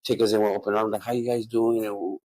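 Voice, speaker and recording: Low-voiced man, dry close sound. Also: level tone, quick pace, dark tone, no echo, rough recording. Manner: earnest, calls others bro and man. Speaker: host. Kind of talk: casual podcast chat.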